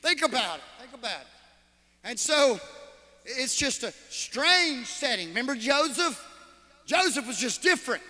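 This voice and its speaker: A preacher with a high, bright, ringing voice, working the congregation with shouted lines and sudden hushed asides. His sermon carries a long reverb through a large church hall. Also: sing-song, measured pace. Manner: calls out to the congregation.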